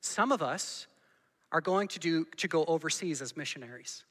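A man's voice: on the high side, animated, moderate pace, fairly bright tone, long reverb tail. A man preaching a sermon to his congregation, earnest and full of questions put to the room. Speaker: pastor. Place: church hall.

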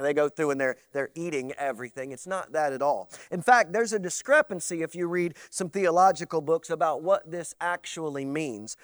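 A man preaching a sermon, animated and swinging from loud to soft, with playful mock voices. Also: a little high, dry recording, clean studio sound. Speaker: pastor.

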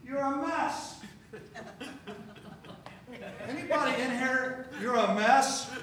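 Slow-talking male preacher in an echoey hall. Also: extremely high pitch. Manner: conversational, asks the congregation questions. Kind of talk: sermon with scripture reading. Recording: very echoey, distant, faint room noise.

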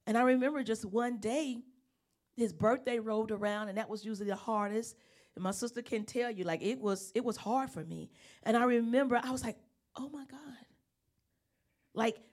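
A middle-aged woman preaching a sermon, telling her own story and growing loud and impassioned. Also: a little high. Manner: impassioned, rising to loud emphasis. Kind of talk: sermon with personal testimony.

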